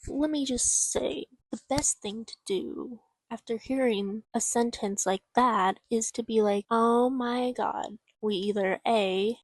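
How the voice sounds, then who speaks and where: Excitable young woman ranting about a book. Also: fairly high pitch, no echo. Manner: excitable, swears a lot, rambling. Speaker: book vlogger. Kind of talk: casual reading vlog.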